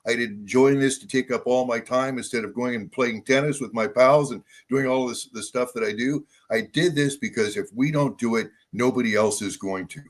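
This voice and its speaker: An older man, a guest on a political talk show, with a voice of ordinary middle pitch. He speaks insistently and keeps circling back to the same points. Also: normal speed, few pauses. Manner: insistent, conspiratorial, repetitive. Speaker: guest, local party chair. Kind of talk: political interview.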